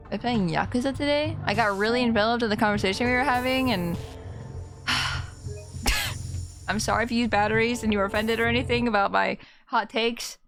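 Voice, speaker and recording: A woman's voice: fairly high pitch, normal speed, long pauses, a bit bright, faint music behind. A woman streaming a game live, chatting casually in a passionate way and laughing often. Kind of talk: casual live-stream chat while gaming.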